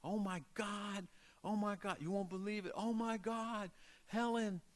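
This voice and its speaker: A man voicing an excited eleven-year-old girl who screams her news out of breath. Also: a little high, fairly quick, creaky, pitched above the performer's own voice, full character voice. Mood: frantic. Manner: screaming, frantic.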